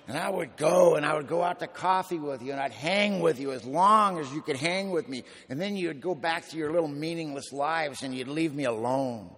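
A man's voice: mid-range voice, a bit bright. A man speaking at a recovery meeting, telling his story with gritty slang and dry humor. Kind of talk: personal testimony talk. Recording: echoey hall.

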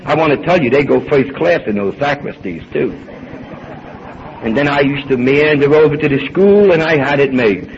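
An older man at a recovery meeting, telling his own story in an animated way and acting out the dialogue. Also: mid-range voice, moderate pace. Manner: animated storyteller, acts out dialogue, swings between loud and hushed. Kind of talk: personal storytelling talk. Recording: dull lo-fi recording with faint hiss.

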